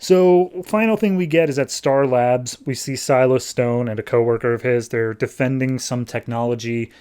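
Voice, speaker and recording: A man's voice: mid-range voice, normal speed, mellow, clean tone. A man hosting a podcast, recapping a comic issue in a casual, chatty, wry way. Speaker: podcast host.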